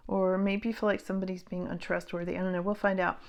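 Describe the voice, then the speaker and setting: A woman giving a casual tarot reading to camera, earnest and halting, with many fillers and frequent drops into hushed whispers. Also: mid-range voice, flat delivery. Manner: emotional, speaks of feeling things strongly. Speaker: psychic tarot reader.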